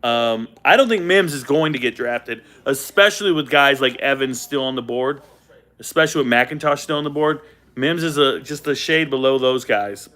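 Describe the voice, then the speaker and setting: A man hosting a casual live-stream reaction to the football draft from a hotel room without his usual setup, animated and repeating himself for emphasis. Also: medium pitch. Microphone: not his usual setup.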